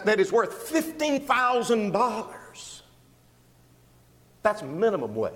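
A man preaching an expository sermon, walking through verses with emphatic, animated delivery. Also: high-pitched, big-room sound. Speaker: pastor.

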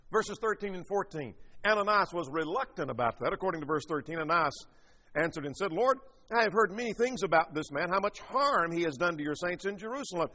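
A man's voice: high-pitched, pushed and bright, long reverb tail. A man teaching a sermon, reading scripture aloud and explaining it verse by verse. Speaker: preacher.

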